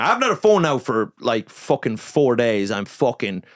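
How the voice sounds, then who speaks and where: A young adult Irish man, a comedian guest, telling a story in casual chat, animated and profane, acting out quotes. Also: medium pitch, moderate pace, hardly any pauses, no echo, clean studio sound. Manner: animated, swearing, acting out quotes in his anecdotes.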